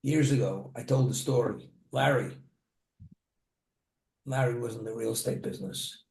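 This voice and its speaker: A man's voice: medium pitch, moderate pace, creaky, a little mellow, reverberant. A man delivering a plain-spoken sermon, telling a story from his own life with the occasional restart.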